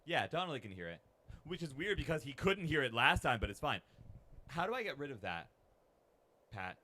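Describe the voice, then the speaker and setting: A man's voice: medium pitch, big pitch swings, a little fast, sharp tone. A man streaming live in casual chat, rambling in a playful, self-deprecating way.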